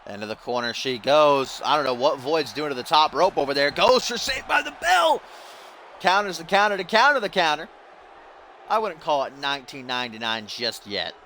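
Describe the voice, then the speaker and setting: Young man, high animated voice, bright tone, excitable game commentary, exasperated, faint background hiss. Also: moderate pace. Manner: excitable, laughing, exasperated at botches. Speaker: gaming YouTuber. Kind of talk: play-by-play commentary over a wrestling video game.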